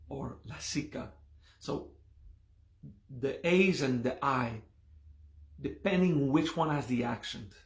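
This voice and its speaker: Man, teacher, slow patient explaining, gravelly voice, echoey room. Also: medium pitch, fairly bright tone. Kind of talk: live class explaining Sanskrit words.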